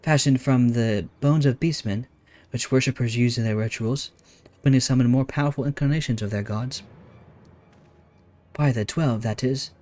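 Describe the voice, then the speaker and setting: A man voicing a formal, earnest young male scholar in a game, with measured, careful speech. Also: medium pitch, a little mellow, natural voice.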